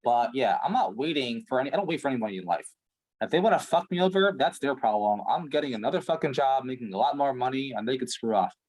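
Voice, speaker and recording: A man's voice: medium pitch, expressive, fast talker, darkish tone. A man playing a frustrated prospect in a sales call role-play, ranting and swearing heavily. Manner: ranting, profane, exasperated.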